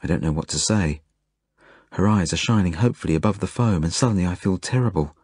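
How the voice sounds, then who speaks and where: Low-voiced man reading a story. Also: husky, no room sound, clean studio sound. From Australia. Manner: earnest, measured, gentle storytelling. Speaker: author reading his own novel. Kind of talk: first-person audiobook narration.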